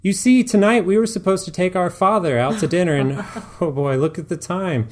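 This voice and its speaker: A man's voice: sits high, voice pushed up, close to an everyday voice. Frasier, played by a man, flustered and pompous. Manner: flustered, rapid excuses. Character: pompous, fussy middle-aged male psychiatrist.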